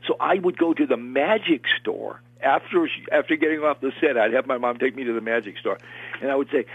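Older male guest, anecdote-teller, gravelly, dry phone-line sound. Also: mid-range voice, fast, dry recording. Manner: animated, repeats and restarts, acts out quoted voices. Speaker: actor guest recalling film work. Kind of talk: casual anecdotal storytelling.

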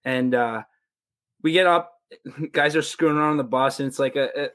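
A man's voice: medium pitch, normal speed. A young man with an American accent casually telling road-trip stories from his hockey career, swearing freely and acting out the people in them. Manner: loose, profane storytelling with animated quoted voices. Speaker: podcast guest, pro hockey player. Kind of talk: casual storytelling.

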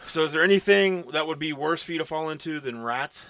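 A man's voice: a little high, fairly quick, fairly bright tone, dry recording, clean studio sound. A man co-hosting a podcast, talking in a laid-back, joking way and stretching out his phrases. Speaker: podcast co-host. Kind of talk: casual chat.

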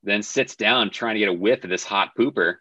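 A man's voice: fairly low pitch, a little fast, bright, forceful tone, dry recording, lo-fi sound. A man telling a funny story as a podcast guest in a laid-back, self-deprecating way. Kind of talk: casual storytelling.

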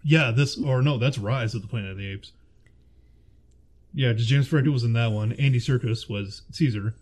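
A relaxed, mid-pitched man talking casually with a friend about old films. He chats loosely, laughs easily and stops to hunt for actors' names. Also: moderate pace. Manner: chatty, laughs often, searches for names aloud. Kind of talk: casual chat.

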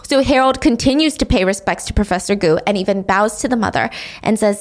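A woman's voice: mid-range voice, brisk. A woman recapping a drama in a casual, chatty way, with offhand swearing.

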